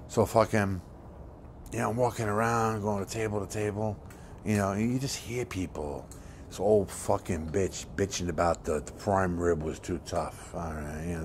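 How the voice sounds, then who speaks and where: A hulking, coldly scheming crook played by a man in a low-budget crime film, lecturing bluntly in a streetwise way and swearing in nearly every line. His voice sits very low and heavy. A faint hiss runs under the recording. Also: a little mellow.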